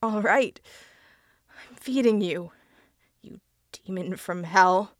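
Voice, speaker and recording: A woman's voice: medium pitch, takes it slowly, no room sound, clean studio sound, lightly acted. A woman voicing a tormented man, trapped and pleading in a strained voice.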